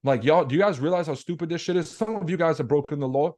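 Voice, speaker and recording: A man's voice: a little high, fast talker, a little mellow. A young man hosting a trading webinar, talking bluntly and casually with slang, profanity and rhetorical questions to his viewers. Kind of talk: casual livestream market commentary.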